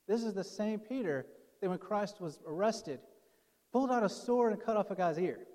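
A man's voice: sits high, fairly quick, mellow. A man preaching a conversational sermon as pastor, acting out the quoted speakers in his story. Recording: long hall reverb.

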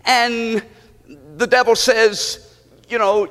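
A man's voice: sits high, very animated, moderate pace, fairly bright tone. A man preaching a fervent sermon in a church, calling on the congregation to answer back. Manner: fervent preaching with call-and-response. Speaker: pastor. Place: church sanctuary. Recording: long hall reverb.

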